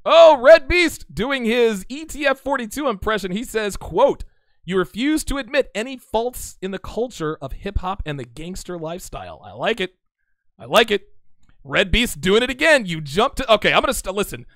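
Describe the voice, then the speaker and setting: A man talks through a casual livestream, reading out chat messages and firing back blunt, teasing replies. His voice sits a little high for a man. The sound is close and dry, with no room around it. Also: animated, normal speed, a bit bright, no echo. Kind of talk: casual live-stream commentary.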